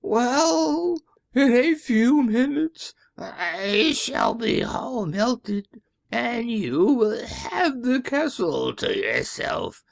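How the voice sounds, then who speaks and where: A man's voice: very high voice, very animated, gravelly, no room sound, clean studio sound, pitched above the performer's own voice, full character voice. A man doing a shrieking wicked old witch. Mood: wailing. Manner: wailing, slow and drawn out.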